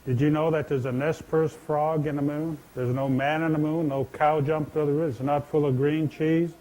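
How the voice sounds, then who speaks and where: A man tells old legends to an audience from a stage in a large indoor venue. His talk is folksy and chatty, with questions thrown to the crowd. The voice sits a touch high but sounds dark and mellow. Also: little pitch movement, moderate pace, low-quality recording. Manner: folksy, conversational, addresses listeners directly. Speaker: storyteller and speaker. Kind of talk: telling traditional legends to an audience.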